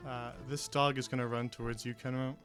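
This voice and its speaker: A man's voice: mid-range voice, flat delivery, fairly quick, a bit bright. Hesitant male game master over music. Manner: hesitant, many fillers and restarts. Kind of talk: running a tabletop game online.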